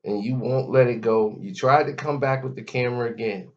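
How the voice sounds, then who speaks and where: A man's voice: medium pitch, fairly quick, hardly any pauses, a little mellow. A man giving a mocking, scolding commentary rant, talking straight at the person he criticizes. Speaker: commentary vlogger. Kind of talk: ranting commentary. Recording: dull lo-fi audio.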